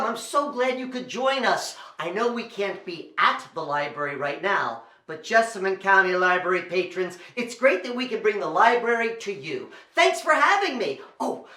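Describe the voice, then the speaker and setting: A man hosting a lively show for children, bouncing all over his pitch with big, playful exaggeration. His voice is bright and ringing, and the recording carries a roomy echo. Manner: animated, playful, exaggerated kid-show delivery. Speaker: children's entertainer and storyteller. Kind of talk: lively performance for children at home.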